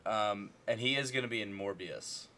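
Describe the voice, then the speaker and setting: A man's voice: fairly low pitch, a little fast, pushed and bright. A young man chatting casually about a movie, rambling with lots of fillers and restarts.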